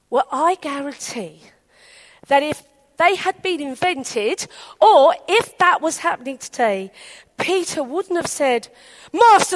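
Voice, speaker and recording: Woman, English, preacher, chatty anecdotes, high pitch, very animated. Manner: chatty, animated, acts out quotes. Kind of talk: storytelling sermon.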